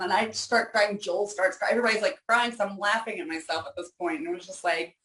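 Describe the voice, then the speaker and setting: A woman's voice: mid-range voice, steady tone, fast, few pauses, a bit bright. Chatty self-deprecating woman, echoey room. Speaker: comic inker guest. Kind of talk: casual interview chat.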